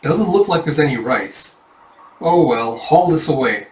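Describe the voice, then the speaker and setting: A man voicing a cruel, greedy male tax official in a sneering, drawn-out tone, read from a comic. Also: fairly high pitch, lively intonation. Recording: echoey room, mic at a distance.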